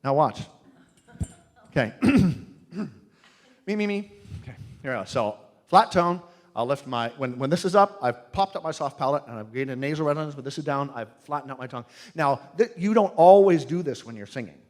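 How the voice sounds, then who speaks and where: A man teaching singing to a live audience in a humorous, animated way, demonstrating sounds with his own voice. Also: mid-range voice, fairly quick. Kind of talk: live workshop talk.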